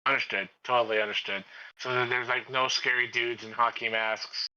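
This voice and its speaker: Halting bright-voiced player, lo-fi mic. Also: male voice, medium pitch, little pitch movement. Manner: halting, stumbles and repeats words. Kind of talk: casual tabletop game chat.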